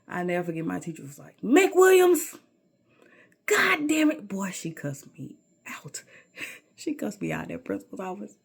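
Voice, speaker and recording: A woman's voice: lowish voice, a little mellow. Sassy woman telling her life story. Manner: sassy, emphatic, calls listener baby. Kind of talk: personal storytelling monologue.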